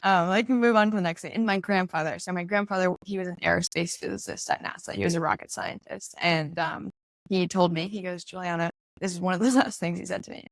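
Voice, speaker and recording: A young woman talks through her story as an interview guest, chatty and quick to laugh, slipping into the voices of the people she quotes. Her voice sits low and has a gravelly fry to it, and the sound is dry and close. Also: steady tone, dry recording. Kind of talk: casual interview conversation.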